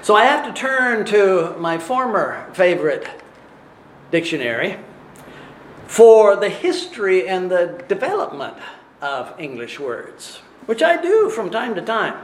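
Slow, lively-pitched male preacher. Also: roomy sound, slight background noise. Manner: measured, deliberate delivery with rhetorical questions. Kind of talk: sermon.

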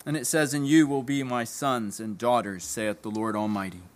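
A man preaching a sermon, emphatic, repeating key phrases and dropping low at the ends of lines. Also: fairly even intonation, moderate pace.

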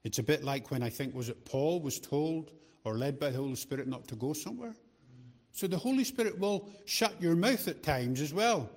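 A man's voice: a little high, animated, normal speed. A middle-aged man preaching a sermon in a chatty, joking way, often repeating words as he restarts his sentences. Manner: chatty, joking asides to the congregation. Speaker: lay preacher.

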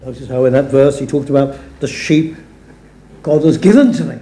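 A man's voice: medium pitch, normal speed, dark tone. A man preaching a sermon in a chapel, speaking earnestly and giving weight to the scripture he quotes. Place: church or chapel. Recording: echoey church room.

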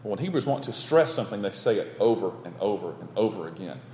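A man's voice: on the low side, lively intonation, fast talker, dark tone. Emphatic male preacher in an echoey hall. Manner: emphatic, repetitive preaching cadence. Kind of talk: sermon. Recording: echoey hall with long reverb.

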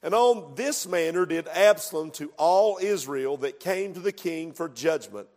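A man preaching a sermon as pastor, building to loud, emphatic passages. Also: fairly high pitch, expressive, unhurried. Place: church sanctuary. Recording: long echoing reverb of a church hall.

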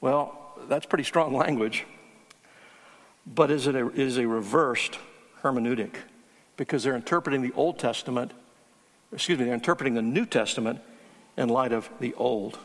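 A man's voice: mid-range voice, moderate pace, long pauses, in a large hall. A man preaching a teaching sermon, earnest and emphatic on key words. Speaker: pastor.

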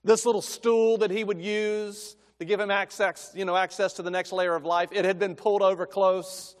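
A middle-aged man preaching in a lighter, higher register, spinning folksy family stories that swell into emphatic calls. His voice rings out with a long reverb trailing behind every phrase, as in a large sanctuary. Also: flat delivery, moderate pace. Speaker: guest preacher.

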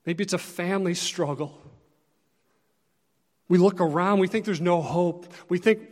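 A man preaching a sermon as pastor, earnest and conversational, rising and dropping in loudness to press his points. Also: sits high, normal speed, long reverb tail.

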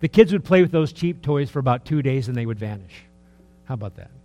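A man in his early sixties preaching a sermon in a conversational, rambling way, full of rhetorical questions, dropping to soft asides and rising for emphasis. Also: medium pitch, a little fast, faint music behind. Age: 60s. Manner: lively, swings between soft asides and raised emphasis. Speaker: pastor.

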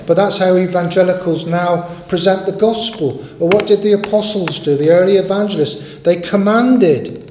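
A man's voice: sits high, moderate pace, darkish tone, echoey room, a little hiss or hum. A man preaching a sermon in an earnest, emphatic way, stressing and repeating his key points.

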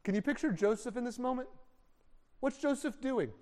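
High-voiced preacher in an echoing hall. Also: male voice, normal speed, a little mellow. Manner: acts out scenes with voices for the characters. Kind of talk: dramatic sermon storytelling. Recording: long hall reverb.

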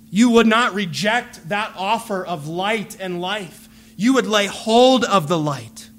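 A man preaching a sermon, earnest and measured, pleading with his listeners through repeated phrases. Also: high-pitched, lively intonation, a bit bright.

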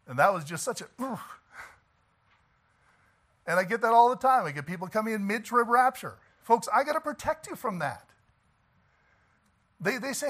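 A man's voice: extremely high pitch, sing-song, a little slow, pauses often, a bit bright. A man pastor preaching a sermon in an emphatic, folksy way, often laughing and asking the congregation "Amen?".

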